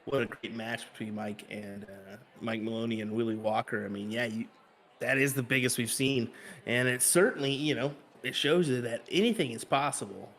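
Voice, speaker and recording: A man with a Kansas accent doing live darts commentary in an easygoing, steady way. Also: mid-range voice, normal speed. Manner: easygoing, steady, with filler words.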